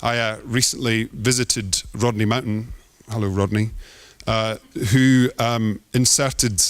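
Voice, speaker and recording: A man's voice: medium pitch, no echo. A man giving a theatrical, poetic performance talk as an artist on stage.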